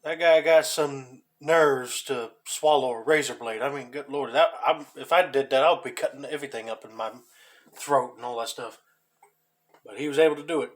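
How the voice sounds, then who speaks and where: A man hosting a reaction video, breaking in with quick exclaimed comments and short asides. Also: mid-range voice.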